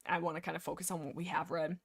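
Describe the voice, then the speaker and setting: A woman's voice: fairly low pitch, fast talker, creaky. Chatty woman ranting about a book. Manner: animated, sarcastic, many fillers and restarts. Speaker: streamer discussing a book series. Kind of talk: casual rambling book discussion.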